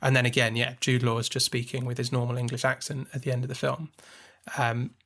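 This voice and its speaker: A man's voice: medium pitch, flat delivery, brisk, a bit bright. A man co-hosting a film podcast, explaining his views at length with enthusiasm. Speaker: podcast co-host. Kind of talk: casual film discussion.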